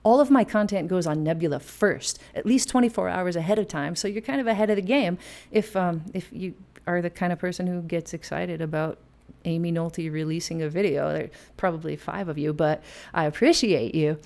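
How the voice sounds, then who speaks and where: A woman's voice: lowish voice, brisk, creaky, a little mellow. Chatty woman teaching piano. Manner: chatty, enthusiastic, playful asides. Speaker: music teacher and host. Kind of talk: casual piano lesson and sponsor plug. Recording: faint piano music behind. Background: piano playing.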